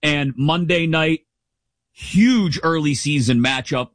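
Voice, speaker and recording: A middle-aged man hosting a sports talk show, giving casual, opinionated commentary in an animated, jokey way. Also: a little high, slow pace, dry recording. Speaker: sports podcast host.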